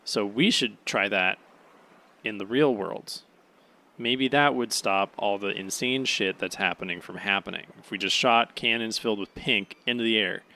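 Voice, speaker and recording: A sleepy man hosts a podcast solo, yawning and rambling through a casual recap at normal speed. His offhand talk is full of "um"s and swearing, and now and then he bursts into high, excited gushing.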